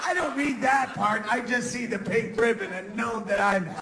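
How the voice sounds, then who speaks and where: A man doing a stand-up comedy set, ranting sarcastically and often breaking into mock shouts. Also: very high-pitched, normal speed, heavy background noise. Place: comedy club stage. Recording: live club recording with audience laughter. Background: audience laughter.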